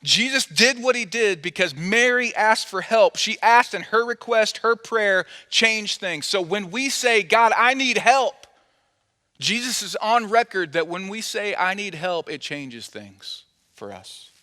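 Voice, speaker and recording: A man's voice: high-pitched, animated, a little slow, bright, forceful tone. A man preaching a sermon as pastor, telling a story playfully and acting out the quoted dialogue. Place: church auditorium. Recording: long hall reverb.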